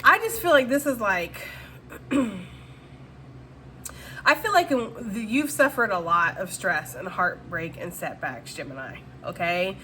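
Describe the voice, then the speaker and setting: A woman's voice: mid-range voice, lively intonation, a little slow, long pauses, pushed and bright, a little hiss or hum. A woman giving a casual, chatty tarot reading and addressing her viewers directly. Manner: chatty, full of fillers. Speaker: tarot reader.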